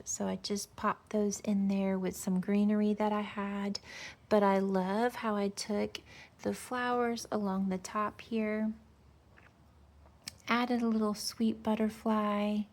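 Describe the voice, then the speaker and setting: Her voice is mid-range with a darkish tone. As a home decor vlogger, she gives a casual, gushing tour of her decorated outdoor porch, chatting away with lots of fillers and sweet little remarks.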